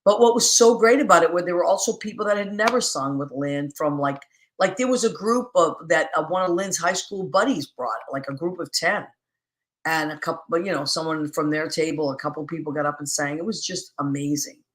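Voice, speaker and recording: A woman hosting a live-streamed talk show, chatting casually, warmly greeting viewers by name with endearments and rambling with many fillers and restarts. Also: low-pitched, brisk. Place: home, streaming live in New York.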